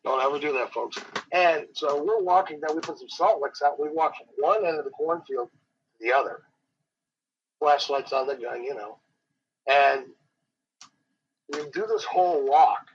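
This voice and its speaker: Rambling storyteller, man with a husky, slightly high voice, dull lo-fi interview audio. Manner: rambling, dramatic, slows down for suspense. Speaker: professional wrestler guest. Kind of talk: animated storytelling.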